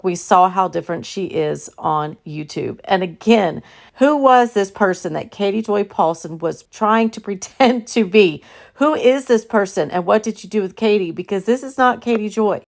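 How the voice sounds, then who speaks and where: A woman's voice: lowish voice, gravelly. A woman with a Southern US accent hosting a commentary video, chatty and exasperated. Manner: chatty, exasperated, uses filler words. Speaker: commentary channel host. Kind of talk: casual commentary.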